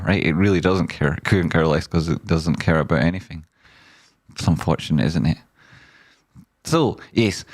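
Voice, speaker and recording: A man's voice: low voice, no echo. A man hosting a trading stream, giving casual, rambling and jokey chart commentary with a repeated "right?".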